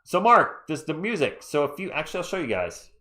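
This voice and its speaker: A sleepy streamer with a high, bright, forceful voice talks briskly with big swings in pitch. He's laid-back and chatty as he calls the game live, talking to viewers and shouting out the chat between plays.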